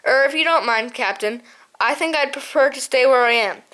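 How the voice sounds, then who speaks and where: A brave young male mouse warrior speaks in a storybook reading, voiced by a woman. He is earnest and polite but will not back down. His voice sits high and light. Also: normal speed, fairly bright tone. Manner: earnest, calls others sir.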